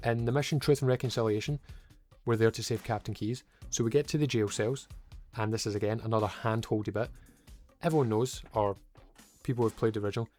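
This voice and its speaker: A man's voice: mid-range voice, a little mellow. Opinionated man reviewing games. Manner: opinionated, rambling, casually sweary. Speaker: game reviewer. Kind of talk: casual video review.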